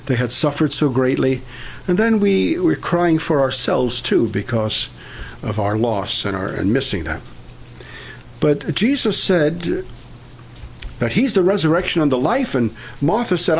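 An older man preaching a sermon, pausing often and restarting his sentences. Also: a little high, creaky, slight background noise. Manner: halting, many filler pauses and restarts.

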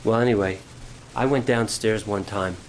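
A man preaching a sermon, shifting from quiet storytelling to rising, fervent preaching. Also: fairly low pitch, fairly even intonation, normal speed, slight background noise, rough recording. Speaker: pastor.

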